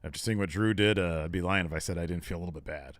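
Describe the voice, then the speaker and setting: A man's voice: sits low, rapid-fire, no room sound, studio quality. A man co-hosting a podcast in casual chat, retelling scenes and reading characters' lines with laughs. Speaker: podcast co-host.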